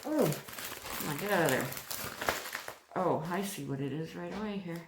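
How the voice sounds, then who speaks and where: Here a Canadian woman with a lowish, expressive voice talks at normal speed, giggling and gushing through her crochet mail. It's a laid-back unboxing vlog captured in an echoey, noisy room.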